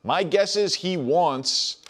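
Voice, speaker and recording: A man hosting a sports talk show, who sets up topics and backs his points with statistics in a brisk, analytical way. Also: sits high, fairly bright tone. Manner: brisk, stat-heavy and analytical.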